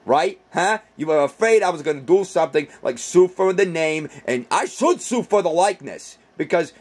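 A cranky little teddy bear with anger issues, as a man puts him on, ranting and making over-the-top threats in a comedy puppet vlog. His husky voice sits on the high side and swings wildly up and down. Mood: indignant.

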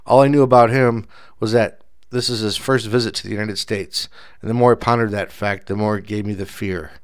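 Male audiobook narrator, dry and measured, low-key delivery. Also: fairly even intonation, clear, resonant tone. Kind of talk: audiobook narration of a first-person story.

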